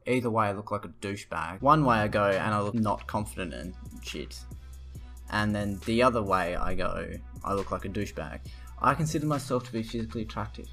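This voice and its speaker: Sarcastic young man ranting, low voice. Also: a bit bright. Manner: sarcastic, swearing, rambling. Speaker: vlogger. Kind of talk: profane reaction rant.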